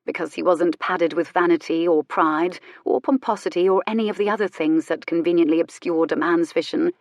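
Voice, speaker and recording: A woman narrating a historical romance audiobook in a measured, expressive way. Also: fairly low pitch, no room sound, clean studio sound. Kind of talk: scripted narration.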